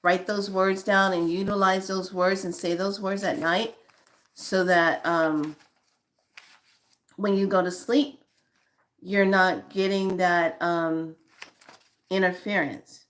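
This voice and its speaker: A woman's voice: mid-range voice, steady tone, takes it slowly, long pauses, a bit bright. A woman giving spiritual guidance in an emphatic, conversational way, addressing her listeners directly as honey. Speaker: spiritual guide.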